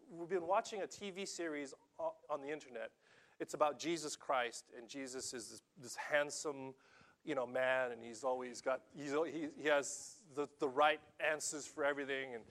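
A middle-aged male pastor preaches in a somewhat high voice, animated and often stammering as he repeats words. His delivery shifts between loud, emphatic bursts and quiet, hushed lines.

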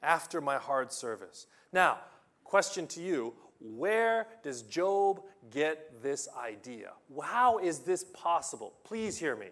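A man preaching a sermon with passion, reading scripture loudly and restarting his sentences when he gets excited. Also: on the high side, slow pace. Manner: impassioned, rising to loud emphatic reading of scripture. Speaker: pastor.

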